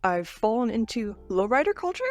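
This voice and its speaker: A woman's voice: a little high, sing-song, a little fast, no room sound, faint music behind. A woman in her forties co-hosting a podcast in casual, jokey chat, laughing often and poking fun at herself. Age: 40s. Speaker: podcast co-host.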